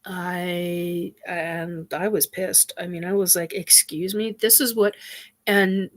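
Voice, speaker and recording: A woman hosting a casual spiritual chat, talking in a halting way with many fillers and sighs, her nose stuffed up from crying. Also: on the low side, flat delivery. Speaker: host.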